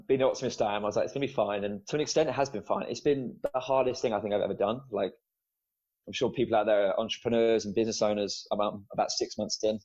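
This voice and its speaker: A man's voice: lowish voice, darkish tone. A man who is a former teacher and now a student coach, a podcast guest telling his personal story in a candid, emotional way with some casual swearing. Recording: dull lo-fi sound.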